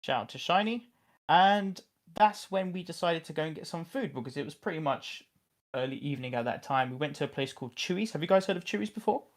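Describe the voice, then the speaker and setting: A man's voice: fairly high pitch, lively intonation, quick pace. A British man from the UK, a podcast co-host telling a travel story in casual chat and laughing often. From United Kingdom.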